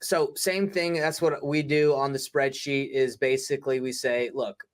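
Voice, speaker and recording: A man co-hosting a real estate wholesaling show, coaching casually and acting out quotes in quick asides. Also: mid-range voice, fairly even intonation. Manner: upbeat, talks in quick asides and acted-out quotes. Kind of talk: casual teaching chat.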